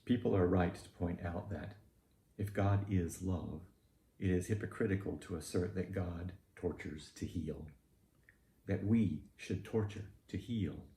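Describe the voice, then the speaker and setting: The sermon comes from a man whose voice is low, mellow, and dark, with a Southern US accent. He emphasizes things in a pointed, deliberate way, and the audio sounds echoey and spacious with a soft hum behind it.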